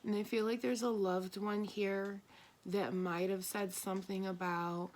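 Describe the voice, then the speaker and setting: A woman's voice: medium pitch, little pitch movement, unhurried, a little mellow, slight background noise. A woman doing a tarot and spirit reading for an audience, talking bluntly and with emphasis, swearing now and then. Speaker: tarot reader.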